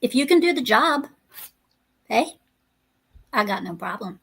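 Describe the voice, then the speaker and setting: A woman hosting a podcast, talking in a blunt, ranting way full of fillers and the odd curse. Her voice sits a little high for a woman. It is casual chat with guests. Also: lively intonation, measured pace, creaky, fairly bright tone, slightly rough. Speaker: podcast host.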